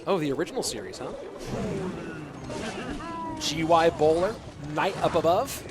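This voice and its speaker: A man's voice: on the high side, animated, a little slow. An American man casting a game live, chatting with viewers and answering their chat between plays. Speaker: esports commentator. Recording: music behind the voice.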